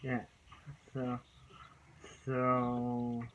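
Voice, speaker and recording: A man's voice: medium pitch, monotone, extremely slow, a bit bright, muffled recording, a little hiss or hum. A man casually recapping and reviewing a TV episode, rambling with many restarts and fillers and bursts of exasperation.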